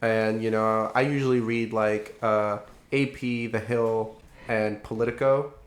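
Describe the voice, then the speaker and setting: A man's voice: fairly low pitch, steady tone, a little slow. A young man co-hosting a podcast in casual chat, rambling with lots of fillers and laughing often. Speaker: podcast co-host.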